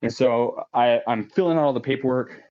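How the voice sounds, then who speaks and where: A man in his late thirties tells a story on a podcast, swearing freely and laughing often. He jumps into a higher voice when he quotes people. His voice sits at a middling pitch, and the audio is a little dull and lo-fi. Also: brisk. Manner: profane, laughs often, acts out quotes in raised voice. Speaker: podcast guest. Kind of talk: casual storytelling.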